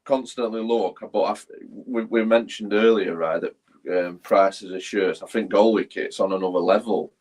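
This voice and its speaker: Low-voiced easygoing man on a video call. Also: fairly even intonation, normal speed, a little mellow. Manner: easygoing, laughs along. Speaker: guest. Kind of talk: casual live-stream chat.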